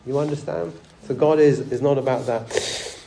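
A man's voice: mid-range voice, fairly even intonation, normal speed, gravelly, warm tone, reverberant, a little hiss or hum. A man preaching a sermon, conversational, often asking the church rhetorical questions and repeating words as he restarts. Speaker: pastor.

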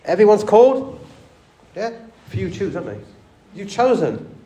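A man's voice: sits high, very animated, unhurried, warm tone, reverberant. A man preaching a sermon, conversational, often asking the church rhetorical questions and repeating words as he restarts. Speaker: pastor.

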